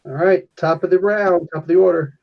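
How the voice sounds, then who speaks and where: A man's voice: sits high, a little fast, vocal fry. A man acting as game master, explaining the rules loosely and laughing often. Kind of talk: running a tabletop game. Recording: dull lo-fi sound.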